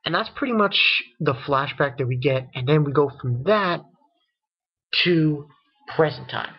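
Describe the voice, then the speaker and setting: A man's voice: fairly high pitch, animated, measured pace, husky. A man giving a casual, rambling episode recap, full of fillers and repeats, who sometimes acts out characters' lines. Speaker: anime reviewer. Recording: dull lo-fi home recording.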